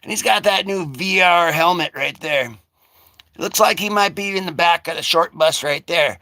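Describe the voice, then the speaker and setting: A man hosting a casual comic-book vlog, rambling and joking with sudden shouted bursts. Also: high-pitched, moderate pace.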